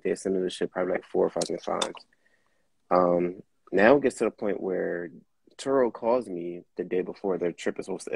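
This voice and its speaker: A man's voice: low-pitched, vocal fry, darkish tone, husky, dry recording, rough recording. A young man telling a story casually on a livestream, slangy and profane. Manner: profane, laid-back, slangy. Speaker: car rental host.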